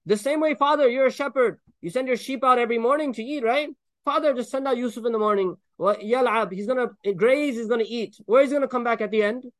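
A man preaching a sermon, explaining Quran verses with Arabic recitation, animated and joking as he acts out the people in the story. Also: extremely high pitch, quick pace. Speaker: Islamic preacher.

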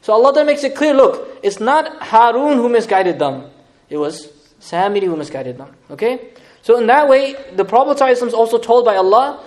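A man giving an animated lecture on scripture as an Islamic teacher, with lively, dramatic retelling and laughing asides. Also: high voice, racing.

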